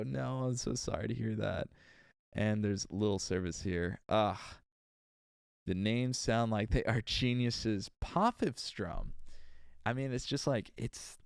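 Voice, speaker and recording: His voice sits on the low side, creaky and smooth with a darkish tone, captured in studio quality without echo. He's livestreaming an audiobook session, reading slowly with retakes and chatting with exasperated asides in between.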